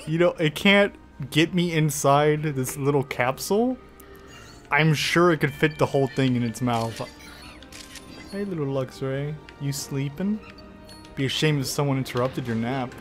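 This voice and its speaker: A man giving excitable let's play commentary, swearing often and taunting the creatures on screen. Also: fairly high pitch, a little slow, soft background music. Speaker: gaming YouTuber.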